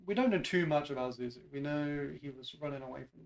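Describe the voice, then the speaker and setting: A man's voice: on the high side, quick pace. A man co-hosting a casual Q&A chat, asking questions and giving short, agreeable replies.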